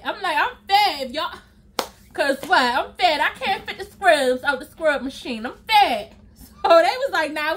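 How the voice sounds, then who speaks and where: Young woman telling a storytime to her viewers, high bright voice, really animated. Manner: animated, talks straight to viewers, acts out her own reactions.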